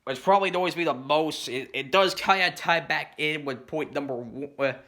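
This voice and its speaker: A man with a slightly high, bright, ringing voice rants in a loose, rambling way. He keeps circling back with "you know" and "stuff like that", and he clears his throat between points. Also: moderate pace. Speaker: commentary YouTuber. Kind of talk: rambling response rant.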